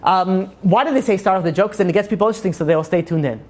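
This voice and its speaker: A rabbi with a high-pitched voice gives a live class a casual Torah lecture full of jokes. He talks fast and animatedly, saying "you know" a lot.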